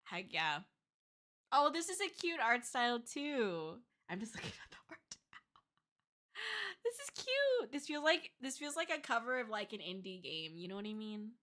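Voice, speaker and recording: A woman's voice: fairly high pitch, big pitch swings, moderate pace, pushed and bright. A young woman streaming as a VTuber, chatting casually, gushing and giggling over artwork with frequent squeals. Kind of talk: casual livestream chat.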